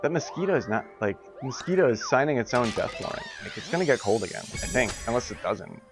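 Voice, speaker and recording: A man's voice: mid-range voice, very animated, fast talker, over music. A man streaming a game, chatting casually with his viewers in giggly, rambling asides. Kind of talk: casual live-stream chat.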